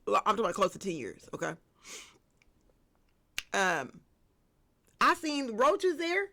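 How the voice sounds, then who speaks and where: A woman giving a casual spiritual tarot reading, lively and slangy, talking straight to her viewers. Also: mid-range voice, unhurried. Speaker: tarot reader.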